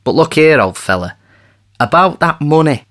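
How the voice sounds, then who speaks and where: A man voicing a plump, bumbling rich man who talks loudly and hastily. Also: on the high side, animated, normal speed, pitched above the performer's own voice. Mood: blustering. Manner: loud, hasty, blustering. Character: bumbling plump wealthy man, blustering and impetuous.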